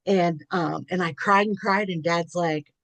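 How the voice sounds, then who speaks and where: A woman's voice: fairly low pitch, unhurried, fairly bright tone, no room sound. A middle-aged woman, a podcast guest, telling candid personal stories in an earnest, chatty way, often restarting her sentences.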